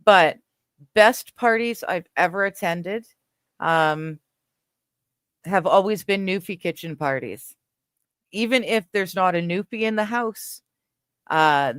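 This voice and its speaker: A woman's voice: lowish voice, smooth, no echo, studio quality. A woman from western Canada hosts a livestream, chatting casually and answering viewers, rambling easily and laughing often. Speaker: livestream host reading chat. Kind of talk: casual chat.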